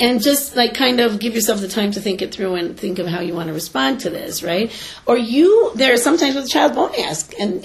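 A middle-aged woman and teacher giving earnest parenting advice in an animated conversational manner. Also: mid-range voice, creaky, slight background noise, rough recording. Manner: earnest and animated, acts out quoted voices.

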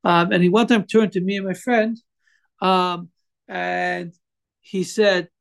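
A man giving an informal religious class, telling a story in a halting way with many fillers and restarts. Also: sits high, steady tone, vocal fry, smooth. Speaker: Torah teacher telling a story.

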